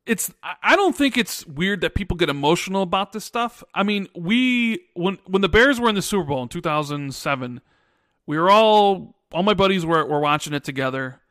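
A man in his thirties chats casually on a podcast and tells rambling stories, stumbling over restarts. His voice sits high. The sound is close and dry, with no room in it. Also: animated, normal speed, fairly bright tone, dry recording. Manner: rambling storyteller, restarts often. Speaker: podcast co-host. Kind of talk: casual chat.

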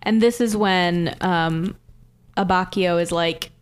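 A woman's voice: on the low side, steady tone, slow pace, smooth. A chatty woman co-hosting a podcast, recapping an episode at an easy pace. She rambles and fills her talk with ums and likes. Now and then she slips into the characters' lines. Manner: rambling, lots of fillers, acts out characters' lines. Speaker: podcast co-host. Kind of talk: casual chat recapping an anime episode.

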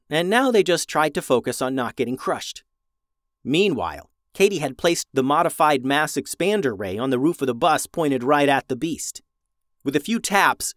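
Animated male children's story narrator. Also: fairly high pitch, no room sound, clean studio sound. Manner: animated, raises voice for characters' lines.

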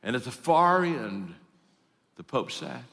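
A man's voice: medium pitch, big pitch swings, slow pace, vocal fry, fairly bright tone, in a large hall. A man telling a long humorous story in a sermon-style talk, with frequent stammered repeats and casual asides. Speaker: speaker.

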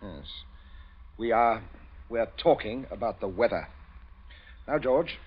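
A man's voice: on the low side, lively intonation, a little slow, husky, dull audio. An actor playing a stern, domineering father and village magistrate who interrogates his daughter in a commanding, cold manner, in an old radio drama.

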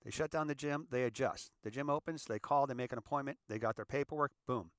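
A middle-aged man from California holds forth in a loose, wandering monologue, now and then acting out other people's lines. His voice sits at an everyday pitch and is heard close up in a dry, dead room. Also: quick pace, no echo. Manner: rambling, animated, acts out little scenes. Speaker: host. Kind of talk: casual monologue.

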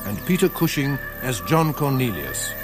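A man announcing and narrating a radio drama in a measured, formal way. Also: medium pitch, big pitch swings. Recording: narration over music.

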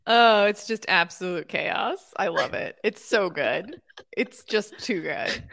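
A woman's voice: medium pitch, animated, takes it slowly, gravelly, no room sound. Dry-sounding woman podcast co-host. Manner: warm agreeing, laughs a lot. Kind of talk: casual recap chat.

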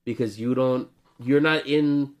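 A man in his twenties co-hosting a casual podcast chat, rambling and animated, often laughing. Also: mid-range voice, a little slow. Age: 20s. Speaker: podcast co-host.

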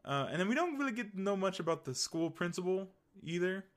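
A man's voice: high-pitched, very animated, fast talker. A young man co-hosting a podcast, talking in a rambling, enthusiastic way full of fillers and restarts. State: hiccups. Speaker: podcast co-host. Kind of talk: casual chat.

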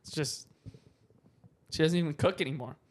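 A man's voice: a little high, moderate pace. A man hosting a podcast in casual chat, telling stories in a jokey, teasing way with plenty of slang. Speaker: podcast host.

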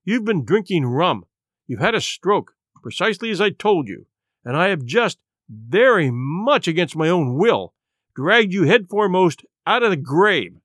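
A man's voice: high voice, very animated, unhurried, a bit bright, no room sound, studio quality, heavily acted. A man reading an audiobook, voicing a blunt doctor who lectures firmly. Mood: stern. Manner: firm, scolding.

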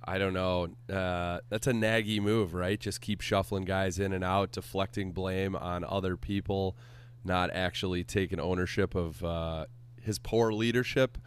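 A man's voice: deep voice, fairly even intonation, measured pace, clear, resonant tone. A man co-hosting a casual sports podcast, blunt and sarcastic, swearing freely. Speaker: podcast co-host.

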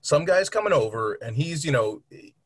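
A man with a husky, slightly breathy voice chats on a casual podcast over a call. He tells stories with lots of animation and acts out the people he describes. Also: fairly high pitch, normal speed, no room sound. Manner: animated storyteller, mimics people in anecdotes. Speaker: knife company employee, podcast guest.

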